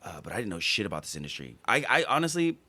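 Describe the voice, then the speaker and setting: A man hosting a casual podcast, talking in rapid, profane, self-deprecating bursts. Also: lowish voice, very animated, bright, forceful tone. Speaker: podcast host, bartender. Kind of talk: casual chat.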